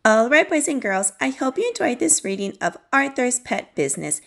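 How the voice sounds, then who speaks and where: A woman reading a children's storybook aloud in a cheerful, expressive way, then signing off to young viewers. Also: a little high, normal speed, creaky. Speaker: children's book reader.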